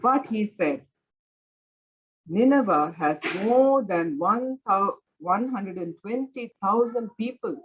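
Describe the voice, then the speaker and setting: A woman's voice: medium pitch, measured pace, breathy edge, highs cut off. A woman teaching a Bible study in an earnest, conversational way, often using filler words as she explains. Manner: earnest, conversational, many "you know" fillers.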